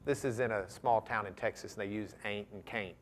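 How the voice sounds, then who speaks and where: A man giving a guest lecture to a class, telling a courtroom story dramatically and building to loud bursts. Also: fairly low pitch, fairly quick, slight background noise. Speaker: guest lecturer, trial lawyer.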